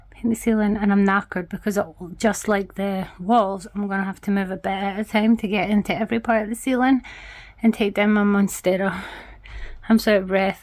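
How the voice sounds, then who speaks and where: A woman's voice: medium pitch, dry recording. A Scottish woman chatting casually and frankly as she redecorates her small home for a vlog. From Scotland. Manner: chatty, frank, self-deprecating. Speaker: vlogger. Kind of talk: casual vlog chat while working. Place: small house, indoors, redecorating.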